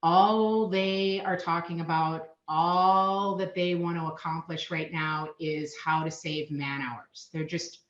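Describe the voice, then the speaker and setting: A woman's voice: fairly low pitch, fairly even intonation, slow, hardly any pauses. Woman, Minnesotan accent, middle-aged, upbeat and chatty, muffled lo-fi sound. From Minnesota, USA. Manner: chatty, upbeat, frequent ums and laughs. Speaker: guest, payments market manager. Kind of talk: casual interview chat. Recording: echoey, dull lo-fi remote audio.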